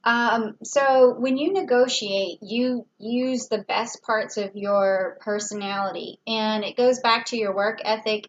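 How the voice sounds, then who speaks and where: A woman's voice: medium pitch, lo-fi sound. A woman giving a casual tarot reading, talking it through in a chatty way with fillers and small laughs. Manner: chatty, thinks aloud with fillers and little laughs. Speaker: tarot reader.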